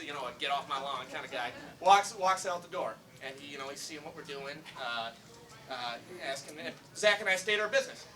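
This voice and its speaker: A young man giving a humorous introduction speech for his father, telling a story with many fillers. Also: a little high. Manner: storytelling, joking, hesitant fillers. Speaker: son introducing the speaker. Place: election night event room. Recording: distant mic with loud crowd.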